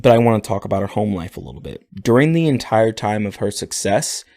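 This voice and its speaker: A man co-hosting a podcast, telling a story in a relaxed, casual way. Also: on the low side, quick pace, dry recording. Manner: relaxed storytelling, laughing often. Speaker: podcast co-host.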